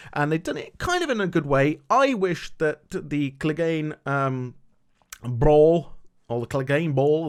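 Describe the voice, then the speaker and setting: A man giving a rambling, animated review of a TV episode, repeating himself when indignant. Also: medium pitch. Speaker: show reviewer.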